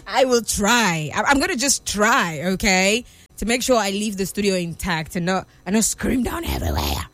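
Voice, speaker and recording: A woman hosting a live morning radio show in a studio, exuberant and often shouting and laughing between her words. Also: medium pitch, wildly swooping pitch, normal speed, no room sound. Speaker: radio host.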